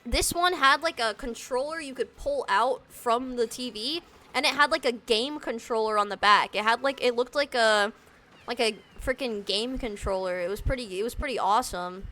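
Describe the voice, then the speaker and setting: Casting: young woman game streamer with a bright, higher voice. Loose, slangy, rambling chat with faint game music underneath. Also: moderate pace. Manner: rambling and slangy, heavy use of "like" and "dude". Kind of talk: casual live-stream chat while gaming.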